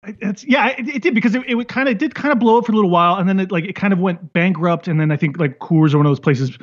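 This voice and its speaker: High-voiced man on dull remote audio. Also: quick pace. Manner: hesitant, filler-heavy, easygoing. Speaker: podcast co-host. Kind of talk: casual chat.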